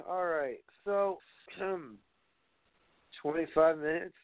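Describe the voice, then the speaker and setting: Young male podcast host, loose and profane, slightly high voice, thin phone-quality sound. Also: extremely slow, no room sound. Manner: loose, rambling and profane, with playful asides. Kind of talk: casual wrestling podcast talk. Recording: tinny phone-like sound, dry.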